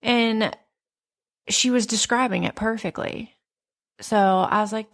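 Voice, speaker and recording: A woman in her thirties hosting a podcast, telling stories in a candid, profane, animated casual chat. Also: fairly high pitch, slow pace, pauses often. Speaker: podcast host.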